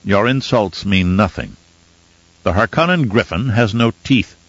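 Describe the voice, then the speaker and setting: A cool, unyielding envoy, voiced by a man in an audiobook. He speaks firmly and in measured tones with a low voice. The recording sounds dry and a little dull. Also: animated, fairly bright tone, no echo. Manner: firm and measured. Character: cool, calculating male envoy, firm and unyielding.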